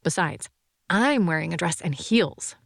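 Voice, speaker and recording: A woman narrator voicing a nervous but determined young woman who speaks quietly and carefully. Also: lowish voice, animated, measured pace, gravelly, no room sound, studio quality, exaggerated voice. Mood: wry.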